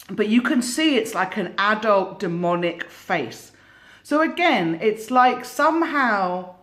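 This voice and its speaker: A woman hosting a tarot channel, casually telling a cautionary story in a musing way with hesitant restarts. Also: medium pitch.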